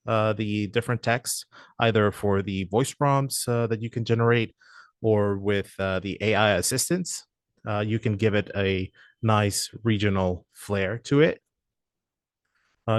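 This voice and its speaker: A man explaining software features in a walkthrough, hesitant and full of "uh" fillers. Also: lowish voice, no echo, studio quality. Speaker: product presenter.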